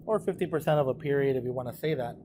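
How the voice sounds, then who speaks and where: A man's voice: mid-range voice, very fast, mellow, slight background noise. A math teacher casually talking through exam problems for his students, thinking aloud as he works. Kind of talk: recorded exam walkthrough.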